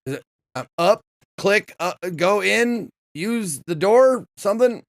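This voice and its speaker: A man playing through a game and chatting casually, reading lines aloud, swearing often and yelling when annoyed. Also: sits high, slow, no echo, clean studio sound. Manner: animated, swears often, yells in frustration. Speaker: let's play streamer.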